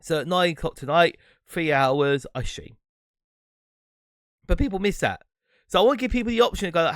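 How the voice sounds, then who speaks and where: A man's voice: high-pitched, expressive, normal speed, a bit bright, dry recording, clean studio sound. A man hosting his own podcast, talking alone in a rambling, reflective way and breaking into laughs now and then. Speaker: podcast host and streamer. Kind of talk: casual solo monologue.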